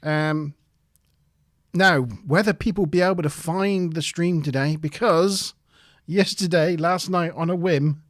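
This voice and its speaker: A man's voice: a little high, fairly even intonation, a little slow, dry recording, studio quality. A man co-hosting a live stream, chatting casually and self-deprecatingly, laughing often. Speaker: podcast co-host.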